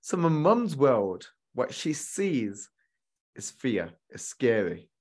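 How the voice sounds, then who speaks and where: A man's voice: medium pitch, very animated, slow pace, a little mellow. Male relationship coach, mid-range voice, earnest motivational delivery, repeats lines for emphasis. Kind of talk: motivational coaching talk to viewers.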